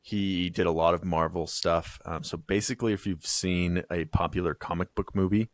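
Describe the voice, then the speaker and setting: A young man with a very deep voice talks through news as co-host of a casual podcast. His manner is easygoing and loose, with plenty of "dude" and "um". The recording sounds dry and close to the mic. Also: steady tone, moderate pace, dry recording. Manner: laid-back, easygoing, says "dude" and "um" a lot. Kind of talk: casual chat.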